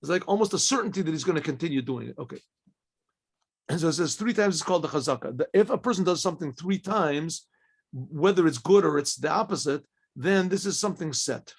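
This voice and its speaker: A rabbi teaches a Torah class in a high, gravelly voice. He talks haltingly, restarting phrases and clearing his throat often. He poses questions to himself and answers them. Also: expressive.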